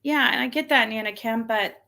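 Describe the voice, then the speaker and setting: Her voice is fairly quick, bright and forceful as she hosts her channel and vents about messages she received. In this casual livestream rant she sounds exasperated, mimicking those texts in a shrill tone.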